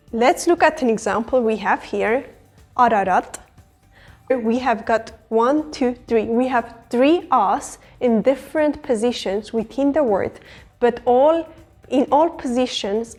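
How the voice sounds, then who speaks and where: A woman who teaches her language, explaining pronunciation tips patiently and slowing down to model words. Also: on the high side, darkish tone, faint music behind.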